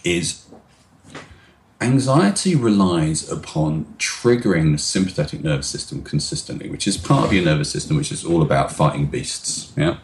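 A middle-aged man with a very low, deep voice speaks as a guest expert on a video call. He explains things patiently and demonstratively, deliberately slowing his speech to make a point. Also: a little hiss or hum. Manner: demonstrative, acts out anxious voices and slows down on purpose. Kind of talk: explanatory interview talk.

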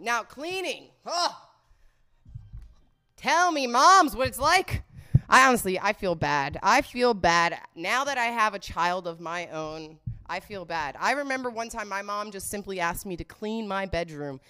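A woman's voice: mid-range voice, bright, forceful tone, clean tone. A woman hosting a comedy show, rambling through a casual, profane, joking monologue. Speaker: host of a comedy show about sex.

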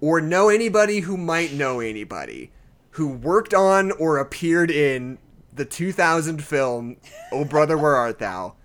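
A young woman co-hosting a podcast in casual chat, excitable, swearing freely and laughing often. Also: low-pitched, measured pace. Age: young adult. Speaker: podcast co-host.

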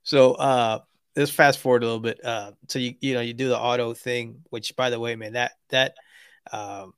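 A man's voice: mid-range voice, steady tone, clear, resonant tone, no echo, clean studio sound. Joking man co-hosting a podcast. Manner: joking, quick to laugh, asks questions. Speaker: podcast co-host. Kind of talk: casual chat.

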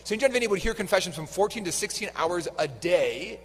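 A man preaching a homily with a fairly high voice, talking casually and tossing questions at the congregation. His words ring out in a large, echoing church hall. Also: animated, fairly quick, a bit bright, husky. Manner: conversational, quizzes the congregation. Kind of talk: sermon.

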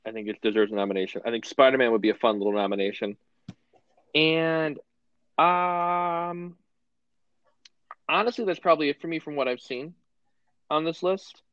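A man's voice: on the high side, normal speed, long pauses, no echo. A young man co-hosting a podcast, chatting casually with dry, offhand remarks. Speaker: podcast co-host. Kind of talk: casual chat. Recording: dry, dull lo-fi audio.

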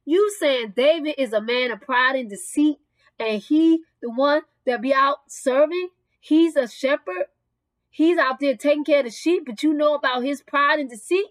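A Bible teacher with a high voice retells a Bible story at normal speed, exclaiming and firing off rhetorical questions between casual asides. The recording is dry and of poor quality.

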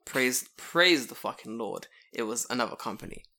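A man's voice: mid-range voice, moderate pace, vocal fry. Man telling a story, swears freely. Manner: animated storyteller, swears freely, acts out quoted voices. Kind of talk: casual chat.

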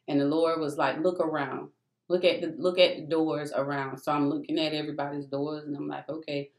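Animated woman telling a faith story. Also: deep voice. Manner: animated, emphatic, addresses listeners as "y'all". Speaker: testimony speaker. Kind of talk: faith testimony, casual storytelling. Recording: echoey room.

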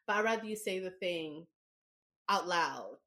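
A young woman co-hosting a podcast, telling a story in a blunt, profane, animated way. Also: lowish voice, unhurried. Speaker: podcast co-host. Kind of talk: casual podcast chat.

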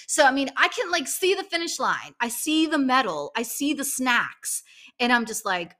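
A middle-aged woman co-hosting a podcast, telling a story in a casual chat and acting out the quotes with big jumps in pitch. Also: big pitch swings, normal speed, bright, forceful tone. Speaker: podcast co-host.

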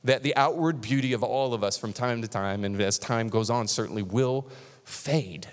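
A man preaching a sermon as pastor, animated and conversational, with touches of humor. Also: medium pitch, moderate pace, big-room sound.

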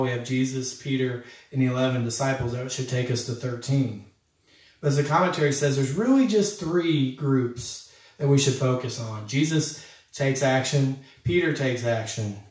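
A man's voice: medium pitch, moderate pace, darkish tone. A man preaching a sermon as a pastor, talking in an earnest, conversational way and addressing listeners as friends. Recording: echoey room, voice from a distance.

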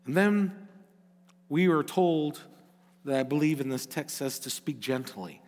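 A man's voice: fairly high pitch, unhurried, a little mellow. Earnest male pastor preaching in a reverberant hall. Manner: earnest, rising to emphatic exhortation. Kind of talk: sermon.

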